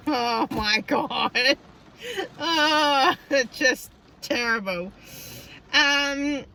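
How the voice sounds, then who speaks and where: A woman's voice: high voice, bright, forceful tone. A middle-aged Australian woman vlogging from her parked car, chatting casually and laughing often as she tells stories. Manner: chatty, laughs a lot while telling stories. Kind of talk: casual chat.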